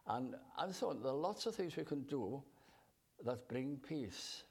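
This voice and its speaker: A man preaching a sermon in a slow, measured way, drawing out his scripture quotes. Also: medium pitch, expressive, gravelly, husky.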